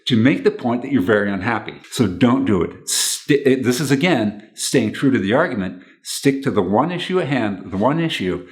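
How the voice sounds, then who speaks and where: A man's voice: mid-range voice, animated, normal speed, hardly any pauses. A man giving relationship advice to camera in an earnest, instructional way, repeating his key points.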